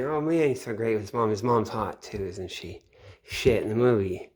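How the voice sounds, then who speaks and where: A middle-aged man giving a rambling late-night monologue, swearing often and trailing off into low mutters. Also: unhurried. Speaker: channel host. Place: home at night.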